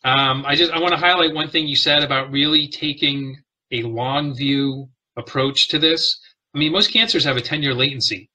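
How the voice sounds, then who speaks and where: A man hosting an interview, asking his guest questions in a steady way. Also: medium pitch, moderate pace, low-quality recording. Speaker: host.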